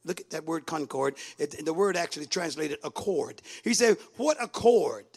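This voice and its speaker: A man preaching a sermon, calling out to the congregation and rising from quiet talk to sing-song shouting. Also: on the high side, animated, moderate pace. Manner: call-and-response with congregation.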